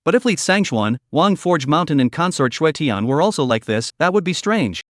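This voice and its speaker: A man reading a scripted story recap in an even, steady manner. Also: fairly high pitch, normal speed, dry recording, studio quality. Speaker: narrator. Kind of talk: scripted narration of a comic recap.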